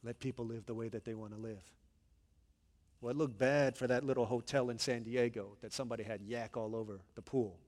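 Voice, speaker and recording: A man preaching a sermon in a church, telling stories in an animated, conversational way. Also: mid-range voice, a little fast, long reverb tail. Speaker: pastor. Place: church sanctuary.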